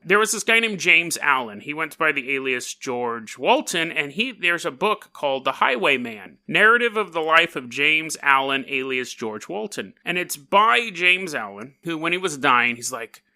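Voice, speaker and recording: A man's voice: a little high, big pitch swings, moderate pace, few pauses, bright, forceful tone. A man hosting a podcast in casual talk, joking and chuckling through his asides. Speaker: podcast host.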